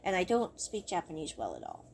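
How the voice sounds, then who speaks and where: A man's voice: high voice, wildly swooping pitch, fairly quick, a little hiss or hum, full character voice. A woman reading the lines of a shy young man who stumbles hesitantly over his words. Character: shy young man, half-Japanese, soft-spoken.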